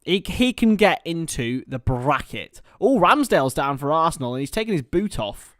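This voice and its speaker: A young British man hosting a live football watchalong, mixing excitable play-by-play with rambling banter. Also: fairly high pitch, moderate pace, no echo, clean studio sound. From Britain. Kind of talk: casual live match commentary and chat.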